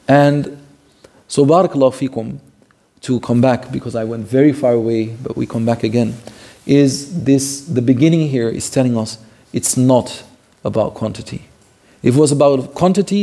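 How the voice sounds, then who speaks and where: A man's voice: mid-range voice, mellow. A man teaching a weekly Quran commentary class, retelling stories earnestly, repeating key phrases and mixing in Arabic phrases. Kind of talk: storytelling Quran commentary lesson.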